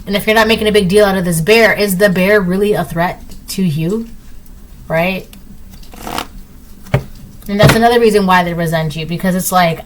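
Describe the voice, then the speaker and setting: A woman's voice: mid-range voice, normal speed, fairly bright tone, a little hiss or hum, low-quality recording. A woman giving a casual tarot reading to her viewers. She repeats herself often and keeps checking in with "right?". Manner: acts out little voices in her examples. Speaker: tarot reader.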